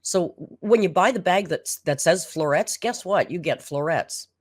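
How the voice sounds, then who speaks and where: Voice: medium pitch, expressive, measured pace, no echo, studio quality. A commentary host reacting to a food video, sarcastic, exasperated and blunt.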